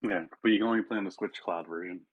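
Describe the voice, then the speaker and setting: A young man co-hosting a casual online chat, telling stories with relaxed banter. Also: low voice, fast, slightly rough, no echo. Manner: storytelling, acts out quotes. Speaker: co-host. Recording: dull lo-fi mic.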